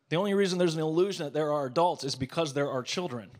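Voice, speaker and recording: A man in his forties performing a stand-up comedy set. He tells a story, swinging from muttered asides to loud, exasperated rants. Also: a little high, quick pace, few pauses. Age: 40s.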